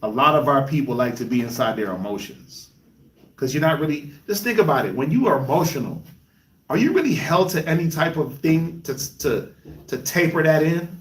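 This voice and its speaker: Lively man teaching in an echoey room. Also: fairly quick, distant mic. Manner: conversational, acts out quotes in high voices. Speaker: lead speaker of a discussion group. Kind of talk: animated teaching talk. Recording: echoey room, speaker away from the mic.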